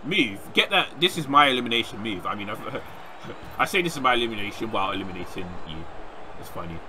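Young man, gameplay commentary, yelling at opponents, sharp tense voice, faint hiss behind. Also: fairly low pitch, lively intonation, fast talker. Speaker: gaming YouTuber.

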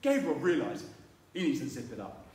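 A man preaching a sermon, telling Bible stories with lively acted-out voices. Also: mid-range voice, a little fast. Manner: animated storytelling, acting out biblical voices. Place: church. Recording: echoey room, mic at a distance.

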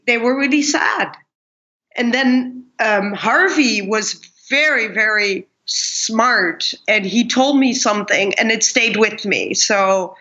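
Slow, bright-voiced woman. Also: medium pitch. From Pakistan. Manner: animated, acts out quoted people, laughs often. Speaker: guest, keynote speaker. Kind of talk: storytelling in casual interview. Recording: dull lo-fi recording.

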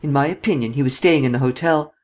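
A man's voice: mid-range voice, quick pace, natural voice. A man reading an audiobook and voicing a short-tempered chief detective who snaps out orders. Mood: curt. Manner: curt, commanding. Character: curt ill-tempered male chief detective.

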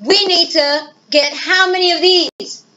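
A woman teacher giving a recorded math lesson to children, playful and animated, asking questions and answering them herself. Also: very high-pitched, unhurried, muffled recording.

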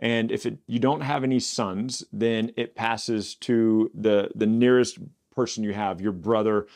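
A man hosting a Bible study podcast, reading scripture aloud and breaking off into casual, animated asides. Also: on the low side, unhurried. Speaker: Bible teacher.

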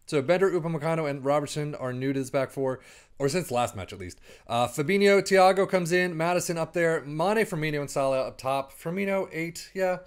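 A man casually commenting on his own football management game as he plays, thinking aloud and breaking into quick play-by-play. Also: a little high, clean tone. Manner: chatty, rambling, thinks aloud, bursts into play-by-play. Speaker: gaming YouTuber.

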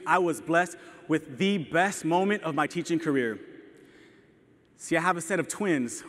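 A man's voice: on the high side, measured pace, a bit bright. A young man from El Paso, a teacher giving an earnest, emotional keynote speech to an audience, with self-deprecating humor. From El Paso, Texas. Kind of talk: personal storytelling speech. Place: large hall with audience. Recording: long hall reverb.

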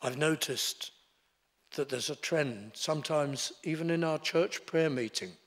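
A man, preaching a sermon as pastor in a deliberate, emphatic way. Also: on the high side. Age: 70s. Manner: deliberate, emphatic preaching with short declarative lines. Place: church sanctuary. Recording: long reverb in a large hall.

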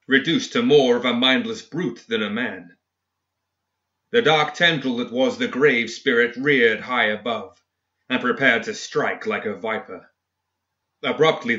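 A man narrating a dark fantasy story in a steady, dramatic storytelling manner. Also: medium pitch. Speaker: audiobook reader. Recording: dull lo-fi recording.

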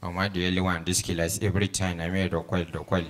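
A man voicing a bold but clueless schoolboy answering in class, low and muttering, with a Nigerian accent. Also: flat delivery, quick pace, close to an everyday voice. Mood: defiant.

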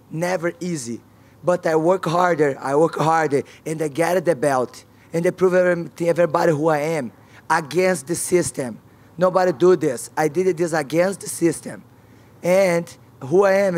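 A woman's voice: on the low side, a little mellow. A woman fighter at a press conference, speaking frank, non-native English with broken grammar and repeated key words.

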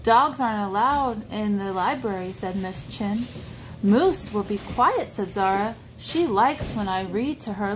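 A woman's voice: mid-range voice, lively intonation, a little slow, slight background noise. A woman reading a picture book aloud to a small child, coaxing and pointing things out with questions. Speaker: storybook reader for a child.

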